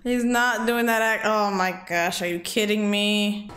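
A woman hosting a casual movie reaction, laughing often and bursting into loud excited outbursts. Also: mid-range voice, a little slow, echoey room, soft background music.

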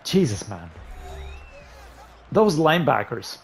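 A man giving gameplay commentary on a football video game, muttering low between plays and breaking into loud, frustrated outbursts. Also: big pitch swings, slow pace, gravelly, soft background music. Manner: frustrated, ranting and swearing at the game. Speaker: gaming YouTuber.

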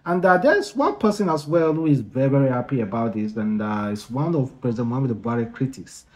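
A man's voice: medium pitch, lively intonation, quick pace. A man from Nigeria, hosting a casual news vlog in a chatty way. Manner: chatty, with frequent uh fillers. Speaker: YouTube news host.

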